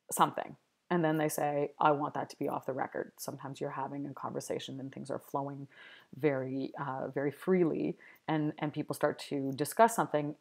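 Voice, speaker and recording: A woman giving a recorded university lecture, thinking aloud with frequent ums, uhs and restarts. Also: deep voice. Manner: hesitant, many ums and restarts.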